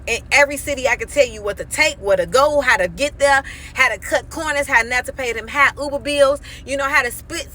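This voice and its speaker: A woman in her thirties giving an animated, emphatic faith testimony on her vlog, acting out quoted dialogue as she tells the story. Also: high voice, fairly quick, hardly any pauses, a little hiss or hum. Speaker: vlogger.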